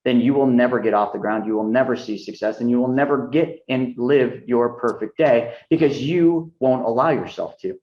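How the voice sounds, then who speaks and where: A man's voice: mid-range voice, a little fast, few pauses. A man in the middle of his range speaks as a podcast guest, full of energy and throwing himself into retelling conversations. His voice carries a roomy echo, and the sound is a little dull and lo-fi. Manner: energetic, acts out quoted dialogue in a raised voice. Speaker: guest, money mentor. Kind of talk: animated storytelling interview.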